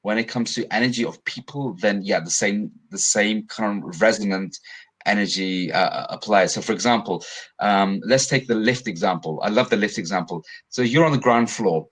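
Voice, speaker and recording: A man's voice: on the low side, normal speed, a bit bright, poor audio. A male coach, a guest on a webinar, explaining ideas earnestly on a video call and often restarting phrases.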